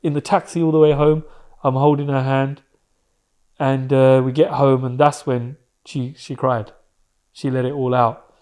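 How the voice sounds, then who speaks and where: A man's voice: mid-range voice, little pitch movement, unhurried, warm tone. Candid man telling his story. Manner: candid, emotional, swears, slangy. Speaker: podcast guest. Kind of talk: personal storytelling.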